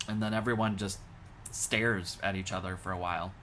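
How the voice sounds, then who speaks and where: A rabbi retelling a scripture story as comedy, with wry, deadpan asides. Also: male voice, deep voice, moderate pace, slight background noise.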